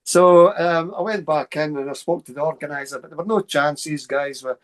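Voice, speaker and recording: Scottish male guest, fast-talking raconteur, slightly higher-pitched. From Scotland. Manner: fast, animated anecdotes with asides. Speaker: guest, paranormal researcher. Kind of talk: casual storytelling interview.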